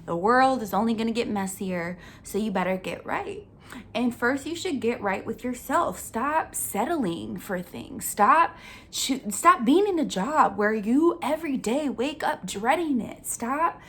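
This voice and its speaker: A young woman hosting a vlog, talking in a casual, earnest way with lots of filler words and an upbeat, animated delivery. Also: on the high side, unhurried. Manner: chatty, earnest, full of "like" fillers. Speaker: vlog host. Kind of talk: casual life-update chat.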